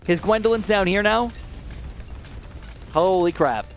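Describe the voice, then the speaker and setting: A man hosting live gameplay commentary, excitable and talking straight to his viewers, swinging from low muttering to shrieks of alarm. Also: unhurried, faint music behind. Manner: addresses viewers directly. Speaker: gaming channel host.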